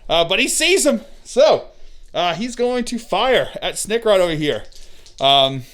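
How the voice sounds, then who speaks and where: A man's voice: sing-song, unhurried, a bit bright. A man hosting a tabletop battle report, narrating moves and dice rolls in a playful way and often laughing. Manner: playful, laughs often, puts on silly high voices for miniatures. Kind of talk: casual narrated play-by-play.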